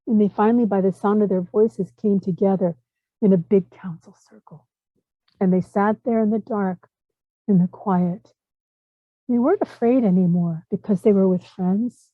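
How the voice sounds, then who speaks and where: A woman telling a traditional animal tale aloud, lively and rising for the exciting parts. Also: medium pitch, no echo. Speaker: storyteller. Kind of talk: oral storytelling. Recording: tinny phone-like line.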